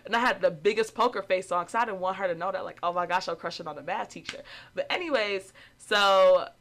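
A young woman tells a story casually, like she is chatting with friends. She acts out each quote, jumping her voice up high for the people she quotes. Her delivery stays animated and lively. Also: brisk. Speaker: after-school program staff.

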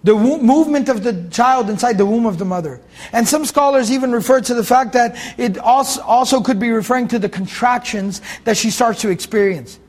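High-voiced man, Quran lesson teacher, explains words and repeats phrases. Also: brisk, a little mellow. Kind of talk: Quran commentary lecture.

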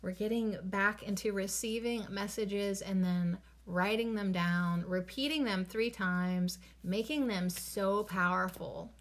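A woman giving a casual spiritual talk to her viewers, speaking slowly and deliberately and repeating phrases three times. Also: medium pitch, fairly bright tone. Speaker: spiritual card reader.

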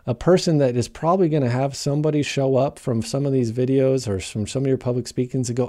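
A man's voice: mid-range voice, fairly quick, few pauses, mellow. A man speaking candidly about his own recovery, raw and heavily profane, rambling and repeating himself for emphasis. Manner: rambling, repeats and restarts phrases. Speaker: motivational speaker sharing his recovery story. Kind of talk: candid personal monologue.

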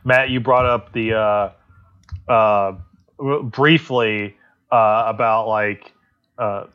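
A man's voice: on the low side, steady tone, takes it slowly, clean tone. Podcast co-host, male, sarcastic rambler, muffled lo-fi recording. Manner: rambling, sarcastic, swears freely. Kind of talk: casual political chat.

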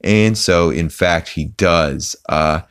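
A man with a very low, smooth, resonant voice hosts a casual podcast recap. He rambles along and fills his story with ums and restarts as he quotes scenes. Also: unhurried. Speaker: podcast host.

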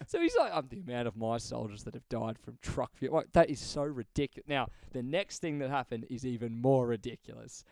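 A man's voice: mid-range voice, brisk, gravelly, hardly any pauses, no room sound. A man telling an exasperated work story in casual podcast chat, swearing freely and acting out what others said. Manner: animated, exasperated storyteller who swears and acts out quotes.

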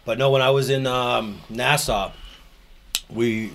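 A man's voice: mid-range voice, slow, fairly bright tone. A man chatting casually on a podcast, laid-back and swearing freely while telling travel and food stories. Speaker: podcast co-host. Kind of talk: casual chat.

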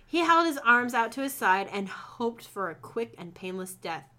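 A woman reads fan fiction aloud with friends in a bright, sharp voice. She keeps breaking off to joke and laugh between the lines. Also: a little high, big pitch swings, normal speed. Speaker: reader.

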